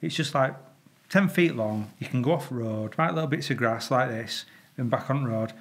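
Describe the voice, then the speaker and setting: Yorkshire man, middle-aged, retired traffic cop, lively swearing storyteller, mid-pitched voice. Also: moderate pace. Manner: animated, swears freely, makes sound effects, stumbles and repeats. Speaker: retired traffic police officer. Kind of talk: casual storytelling to camera.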